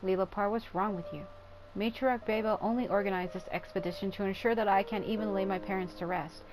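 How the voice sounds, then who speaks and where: A woman plays an upset young woman in a game, indignant and pleading as she speaks. Her voice is at a middle pitch, and clear music plays under her. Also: fairly even intonation, a little fast, lightly acted, poor audio.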